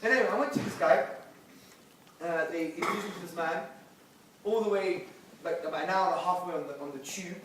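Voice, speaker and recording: A man telling a personal conversion story to an audience in emphatic bursts, switching between hushed and loud. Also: sits high, fast talker, pauses often, a little hiss or hum. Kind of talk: animated personal testimony to a live audience. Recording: echoey hall, picked up from a distance.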